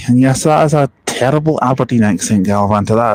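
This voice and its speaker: A man's voice: medium pitch, a little fast, few pauses, a little mellow, no echo, low-quality recording. A Scottish man chatting casually on an outdoor live stream while walking, reading viewer comments aloud, rambling with self-deprecating asides, on a small wireless mic. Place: outdoors at a bus park-and-ride, walking. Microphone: small wireless mic on phone stream.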